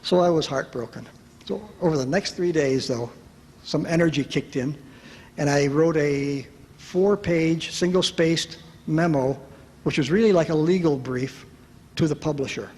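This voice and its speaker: A man telling a personal story to an audience at a retreat, lively and self-mocking, acting out the voices of the people in it. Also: fairly high pitch, measured pace, husky. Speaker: speaker at a retreat. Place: large hall at a retreat. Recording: reverberant hall with faint background noise.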